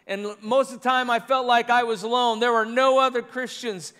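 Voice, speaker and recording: Man, pastor, very high voice, earnest preaching, reverberant church hall. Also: steady tone, fairly quick, sharp tone, clean tone. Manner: earnest preaching with repeated phrases. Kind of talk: sermon. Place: church sanctuary.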